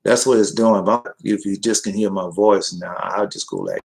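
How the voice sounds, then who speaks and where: A man's voice: fairly low pitch, normal speed, gravelly, low-quality recording. A man preaching in a rambling, folksy way, talking straight to his listeners and reading scripture between tangents. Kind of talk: informal livestream preaching.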